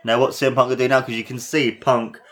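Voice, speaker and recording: A man giving casual, excitable play-by-play commentary on a wrestling match, his voice jumping up at big moves and swearing now and then. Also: mid-range voice, quick pace.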